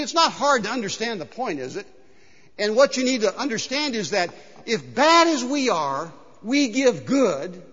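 A male pastor preaches in a lively, conversational way and keeps drawing in his congregation. His voice runs high and swings widely in pitch. The recording is muffled and trails off in a long church-hall reverb. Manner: animated, conversational, engages congregation. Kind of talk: sermon.

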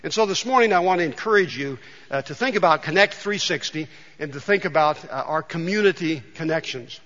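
Male pastor, sermon, bright forceful voice, long hall reverb, dull lo-fi sound. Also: fairly high pitch, animated, a little fast.

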